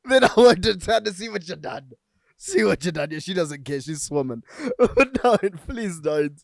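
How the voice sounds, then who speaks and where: A man's voice: high voice, expressive, gravelly, no echo. A man co-hosting a casual podcast, teasing and laughing often. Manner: laughs often, teasing, drawn-out joking bits. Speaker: podcast co-host. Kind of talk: casual chat.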